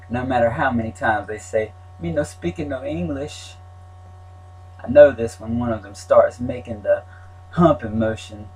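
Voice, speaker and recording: A man's voice: lowish voice, a little mellow, slightly rough, poor audio. A man reading his own story aloud in a plain, wry telling. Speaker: memoir narrator.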